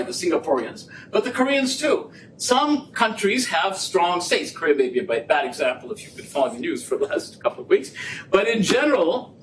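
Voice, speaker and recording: A man giving a public lecture, telling anecdotes with acted-out dialogue in an animated way. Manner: animated storytelling, acts out quoted exchanges. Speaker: guest lecturer. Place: lecture room. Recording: distant mic with faint rumble.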